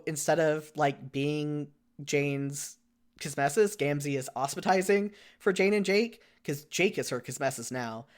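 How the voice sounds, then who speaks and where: A podcast co-host chatting casually at a mid-range pitch. The delivery rambles, full of "like" and restarts, and keeps correcting itself mid-sentence. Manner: rambling, filler-heavy, frequent "like" and self-corrections. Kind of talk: casual chat.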